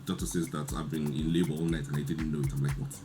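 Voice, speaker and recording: A man, telling a lively story in casual chat and acting out the quotes. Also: extremely low pitch, fast, music in the background. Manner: animated storyteller, laughs often, acts out quotes. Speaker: podcast guest.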